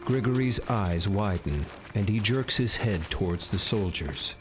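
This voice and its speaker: A man giving measured second-person scripted narration for a game. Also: fairly low pitch, animated, over music.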